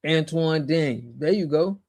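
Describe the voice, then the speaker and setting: A man's voice: fairly high pitch, lively intonation, measured pace, a little mellow. An American man hosting a casual livestream, answering chat in an emphatic, slangy way and repeating himself when he gets fired up. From United States. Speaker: show host.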